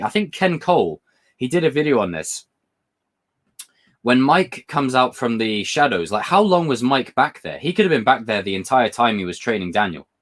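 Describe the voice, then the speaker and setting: A British man hosting a livestream, chatting casually and rambling between topics as he reads viewer comments. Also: mid-range voice. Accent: British English. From Britain. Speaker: livestream host.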